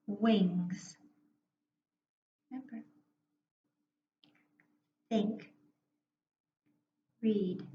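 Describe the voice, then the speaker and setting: A woman teacher giving a slow, patient phonics lesson to young children, sounding words out and inviting them to read along. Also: on the high side, dark tone, slight background noise. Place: room at a whiteboard. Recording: echoey room, dull muffled sound.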